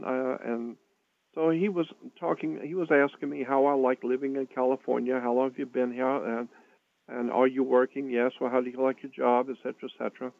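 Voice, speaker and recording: An older man telling a personal story in an interview, speaking earnestly with halting starts and repeated words. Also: mid-range voice, creaky, dry recording. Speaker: guest recounting a personal experience. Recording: tinny phone line, dry.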